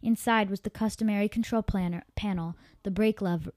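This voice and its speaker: A woman's voice: mid-range voice, fairly even intonation, fairly quick, a little mellow, dry recording. A woman storyteller reading her own story aloud, an amateur reader who stumbles and corrects herself. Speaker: podcast storyteller.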